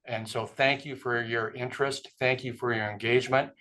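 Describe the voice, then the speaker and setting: A man's voice: mid-range voice, level tone, moderate pace, bright, forceful tone. A middle-aged man, speaking as a medical school dean in an online address to faculty and students. He sounds earnest and emphatic, with frequent fillers. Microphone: streamed online address.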